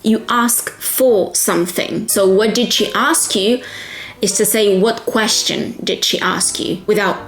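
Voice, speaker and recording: A woman teaching English, speaking slowly and deliberately and repeating phrases for learners to say after her. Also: medium pitch, echoey room. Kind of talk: pronunciation drill lesson.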